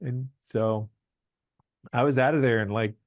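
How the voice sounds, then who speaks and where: A man's voice: medium pitch, fairly even intonation, unhurried, dry recording, studio quality. A man hosting a church podcast in a casual, chatty way, rambling a little with fillers and asides. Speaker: church podcast host and musician.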